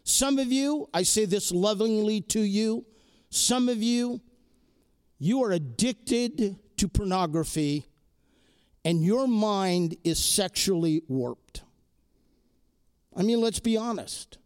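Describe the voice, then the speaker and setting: Earnest high-voiced male preacher, slow. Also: lively intonation, darkish tone, clear, resonant tone. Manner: earnest, exhorting, repeats key phrases. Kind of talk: sermon. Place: crowded hall or chapel.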